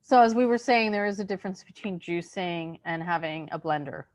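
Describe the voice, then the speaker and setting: Woman, fairly low voice, enthusiastic co-host with frequent short interjections. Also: fairly quick, darkish tone. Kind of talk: casual health chat.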